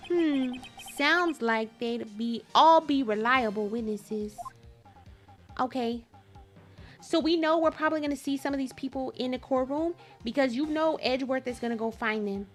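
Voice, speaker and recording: A woman's voice: fairly high pitch, moderate pace, soft background music. A woman streamer giving casual commentary over a game, chatty and exclaiming as she talks to her chat. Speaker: gaming streamer.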